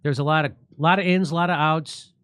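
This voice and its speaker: A man's voice: a little high, steady tone, fairly quick, a bit bright, clear, resonant tone, no echo. A man with a Chicago accent, a comedian hosting a show, telling rambling self-mocking stories in casual banter. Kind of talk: casual live-stream banter.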